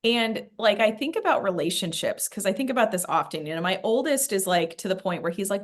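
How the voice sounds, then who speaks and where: Woman, casual heartfelt talk, earnest, filler-heavy, medium pitch. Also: animated, normal speed. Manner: earnest, many "like" fillers, gets emotional.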